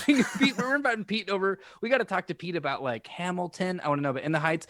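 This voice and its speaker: A man co-hosting a casual gaming chat show, telling stories in a lively, giggly way. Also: high-pitched, fast, few pauses, dry recording, studio quality. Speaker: podcast co-host.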